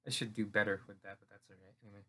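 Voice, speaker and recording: A man's voice: on the low side, level tone, racing, pushed and bright. A man reading a play aloud at home, stopping for mumbled, offhand asides. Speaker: reader.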